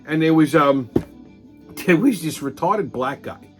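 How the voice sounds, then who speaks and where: High, lively New man ranting. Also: measured pace, soft background music. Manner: profane, animated storytelling. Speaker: host. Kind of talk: comic ranting monologue.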